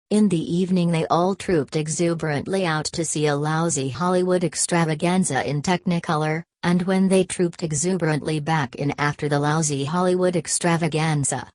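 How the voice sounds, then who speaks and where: A woman narrating a novel as an audiobook in an even storytelling read. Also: low voice, dry recording. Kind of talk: scripted narration.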